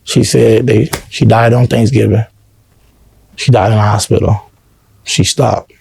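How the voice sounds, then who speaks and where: An earnest man tells his story in a relaxed interview, constantly checking in with "you know what I'm saying." His voice is dark and mellow. It is recorded dry and close, with no room sound. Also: fairly low pitch, measured pace, creaky, slightly rough, no echo. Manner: earnest, heartfelt. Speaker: interview guest. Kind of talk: casual personal storytelling.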